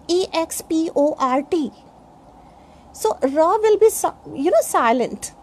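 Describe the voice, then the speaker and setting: A woman teaching pronunciation in a lecture, spelling words out letter by letter and often pausing with fillers. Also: very high-pitched, lively intonation, darkish tone. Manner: slow, explains step by step, spells words letter by letter; frequent fillers like uh and you know. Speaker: English speaking teacher.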